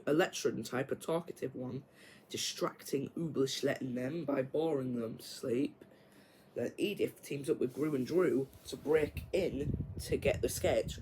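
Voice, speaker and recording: A man's voice: a little high, background noise. Rambling guy with filler words. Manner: rambling, many fillers and sound effects. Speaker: video creator. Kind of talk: casual fan retelling of a film plot.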